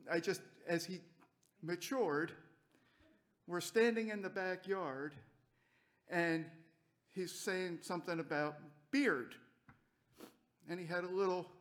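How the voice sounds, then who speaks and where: A middle-aged man giving a memorial speech at church, telling fond, rambling stories with laughs. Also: on the high side. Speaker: church member giving a eulogy.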